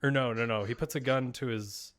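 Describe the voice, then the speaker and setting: A man's voice: medium pitch, steady tone, fairly quick, crowd noise. A man co-hosting a podcast, chatting casually and enthusiastically with lots of fillers and restarts. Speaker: podcast co-host. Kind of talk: casual chat.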